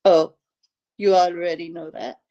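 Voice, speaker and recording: A woman voicing a creepy anonymous male caller who speaks low and breathy with a clumsy fake accent. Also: animated, slow, darkish tone, lo-fi sound. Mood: creepy, insinuating. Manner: poorly done vaguely French accent.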